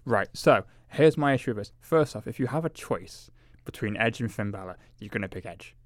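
A man's voice: on the low side, lively intonation, brisk, no echo, studio quality. A man co-hosting a podcast, giving short agreements and plain opinions in casual wrestling chat. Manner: brief agreeing replies, then plain opinions. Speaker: podcast co-host.

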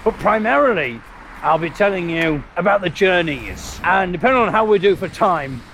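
A man's voice: fairly high pitch, fairly bright tone, a little hiss or hum. Rambling man on a river walk. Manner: self-deprecating rambling storyteller, laughs often. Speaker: podcast host. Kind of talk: casual walking monologue.

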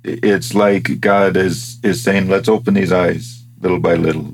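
A man hosting a talk show who reflects on faith in a thoughtful, measured way and asks rhetorical questions. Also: low-pitched, level tone, gravelly, slight background noise.

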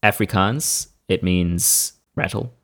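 A man's voice: deep voice, takes it slowly, fairly bright tone. A man co-hosting a casual podcast, enthusiastically trading animal facts. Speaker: podcast co-host. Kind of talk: casual chat.

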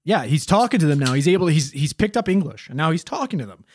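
A man's voice: fairly high pitch, very animated, fast talker, a little mellow, dry recording, studio quality. A man casually telling a story on a podcast, swearing a lot in a loose, joking way.

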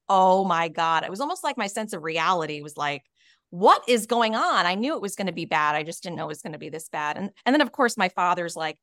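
Heard in a clean, dry studio recording, a woman of medium pitch and fairly bright tone tells a personal story as a podcast guest. She is an author and coach, and her delivery is frank and earnest, full of "you know" and "like."

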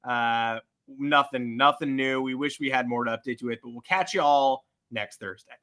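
A man's voice: medium pitch, normal speed, sharp tone. A man hosting a baseball podcast, chatting loosely and joking with plenty of fillers. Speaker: podcast host. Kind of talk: casual baseball podcast chat.

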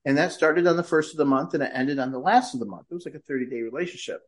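A middle-aged man talks as a podcast guest, recounting his life in a relaxed, conversational way. His voice sits a little high for a man. He turns lively and jumps in pitch whenever he quotes his own past words. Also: rapid-fire. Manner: animated, shifts pitch when quoting himself. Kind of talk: casual conversational storytelling.

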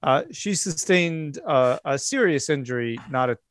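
A man voicing a curt, cool woman doctor in a tabletop game, speaking with measured, slightly awkward politeness. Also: fairly high pitch, animated, no room sound, clean studio sound. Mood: polite. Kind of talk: tabletop role-play.

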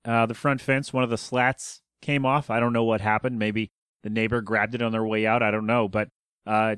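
Smooth-voiced man rambling as podcast host. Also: medium pitch, a bit bright, dry recording, clean studio sound. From United States. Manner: rambling, self-deprecating, many fillers and restarts. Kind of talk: casual solo podcast talk.

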